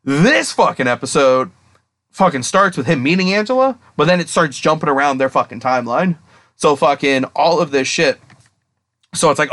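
A young man co-hosting a casual podcast, rambling excitedly and swearing constantly as he retells a story. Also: medium pitch, fairly quick. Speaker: podcast co-host. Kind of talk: casual chat.

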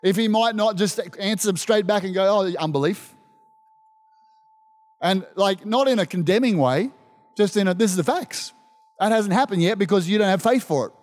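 A man preaching a sermon as pastor, animated and emphatic, calling out to his congregation. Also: sits high, brisk. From Australia. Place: church service. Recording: long reverb of a church hall.

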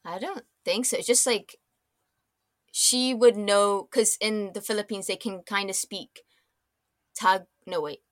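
A woman's voice: medium pitch, measured pace, no room sound. Chatty young Scottish woman, dry sound. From Scotland. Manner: chatty, rambling with many fillers and restarts. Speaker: podcast guest. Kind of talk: casual chat.

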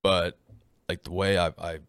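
A man's voice: low-pitched, level tone, a little slow, fairly bright tone, clean tone, no room sound, clean studio sound. A man from Newfoundland, Canada, with a Newfoundland accent, chatting as a podcast guest in a rambling way with many fillers and restarts. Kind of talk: casual podcast chat.

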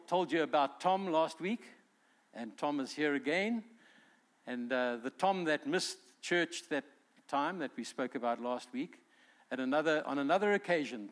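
A male pastor preaching a sermon in an earnest way, acting out quotes as he goes. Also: fairly high pitch.

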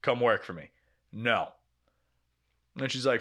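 A man's voice: mid-range voice, moderate pace, long pauses. Young man ranting through a story. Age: 20s. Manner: animated storytelling, swears often. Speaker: podcast co-host. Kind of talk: casual chat.

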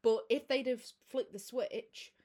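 A woman chatting casually about a film, recapping scenes with quick restarts and asides. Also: on the high side, a little mellow. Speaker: film discussion co-host. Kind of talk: casual chat.

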